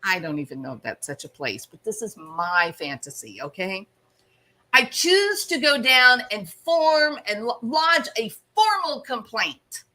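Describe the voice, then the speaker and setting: A woman's voice: on the high side, very animated, a little slow, pushed and bright. A woman hosting her own channel, telling a story with self-mocking, theatrical humor. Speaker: channel host. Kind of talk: storytelling commentary.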